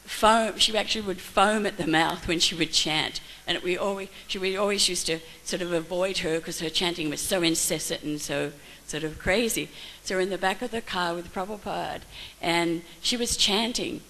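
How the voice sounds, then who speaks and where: An older woman telling a gathering a personal story, lively and casual, using "like" and "you know". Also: fairly low pitch, low-quality recording. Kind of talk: anecdote told to a gathering.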